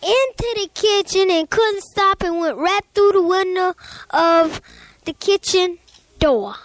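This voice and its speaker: A child telling a rambling spooky story aloud, full of sound effects and little laughs. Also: female voice, very high voice, takes it slowly, no room sound.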